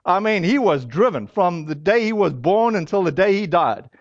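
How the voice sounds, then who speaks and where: A man with a fairly high voice preaches in a loose, chatty way, often slipping in fillers and quick asides. The sound is very dry with no room around it, and the recording is a little dull and lo-fi. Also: dry recording. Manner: casual and animated, acts out quoted voices, many fillers. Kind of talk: conversational sermon.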